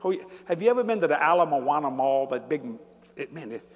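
An older man preaching a sermon in a large church, animated and folksy, building from easy talk to shouts. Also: a little high, quick pace, big-room sound, dull audio.

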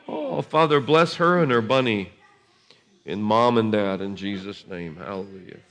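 A man preaching at a revival service in a church, laughing and shouting bursts, gentle with the children he blesses. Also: fairly low pitch, moderate pace. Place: church sanctuary.

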